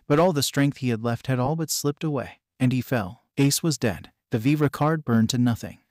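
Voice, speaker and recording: Dry, steady male story narrator. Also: medium pitch, normal speed, no echo. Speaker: fan fiction narrator.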